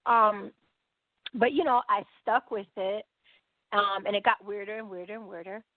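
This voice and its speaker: A new woman, a podcast guest from New York, tells a story conversationally over a tinny, dry, phone-like line. Her mid-range voice moves at a moderate pace, and she's animated, quoting people in dialogue and using many fillers.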